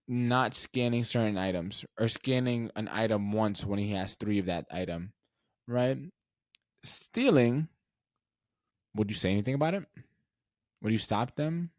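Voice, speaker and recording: A man's voice: mid-range voice, a little mellow, no room sound, studio quality. A man hosting his own podcast, talking straight to listeners in a conversational way, full of "right?" and asking them questions. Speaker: podcast host. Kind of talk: solo podcast monologue.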